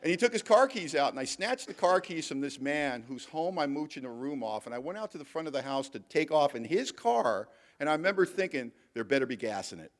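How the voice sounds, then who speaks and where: A man's voice: fairly high pitch, expressive, brisk, few pauses. A middle-aged man giving a candid, emphatic recovery talk to a convention audience and telling his own story with self-mocking humor. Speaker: AA speaker. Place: convention hall.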